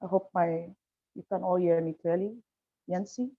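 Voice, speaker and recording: A woman speaking as a panel guest over a video call, halting and apologetic as she shares a painful personal story. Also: lowish voice, steady tone, mellow. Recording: muffled lo-fi video call audio.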